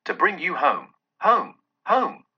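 A man's voice: medium pitch, big pitch swings, moderate pace, husky. A man reading aloud voices a small, gleeful girl eagerly greeting her brother. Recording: dull lo-fi audio.

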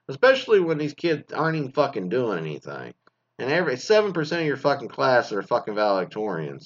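Here the ex-teacher from Texas has a mid-range voice, captured on a muffled recording. He's swearing freely in a loose, casual rant about school graduations, tossing in sarcastic asides as he rambles.

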